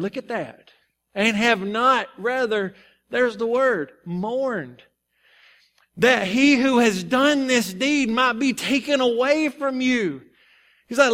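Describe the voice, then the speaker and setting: High-voiced man preaching a sermon. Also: slow pace. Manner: storytelling, animated, reads scripture aloud.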